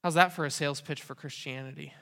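A man's voice: a little high, steady tone, fast talker, gravelly, sharp tone. A man preaching a sermon as pastor, in an earnest, conversational way with rhetorical questions. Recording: long reverb of a large hall.

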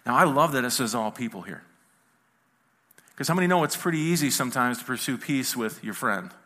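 Bright-voiced man preaching a lively sermon. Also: medium pitch, brisk. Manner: conversational preaching with acted quotes and humor. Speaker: pastor. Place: church hall with congregation.

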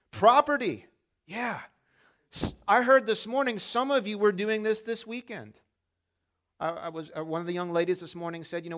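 Preaching a conversational sermon in a church sanctuary mid-service, this Pennsylvania pastor quizzes his congregation and tells humorous stories. His voice is high with a fairly bright tone.

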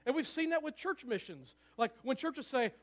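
A man preaching a sermon to his church, excitable and fast-talking, often asking the room for agreement. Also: very high voice. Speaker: pastor. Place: church sanctuary.

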